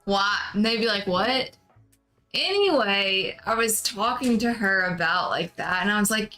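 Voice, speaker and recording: Woman, livestream co-host, rambling storyteller, mid pitch, faint music under. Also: animated, unhurried, pushed and bright, poor audio. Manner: rambling storyteller, trails off with "anyway". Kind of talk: casual livestream chat.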